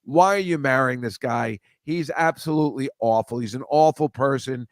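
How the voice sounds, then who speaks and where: A man's voice: medium pitch, moderate pace, dry recording, studio quality. A man hosting a casual comedy chat show, rambling and self-deprecating, stammering and restarting as he goes. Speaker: host.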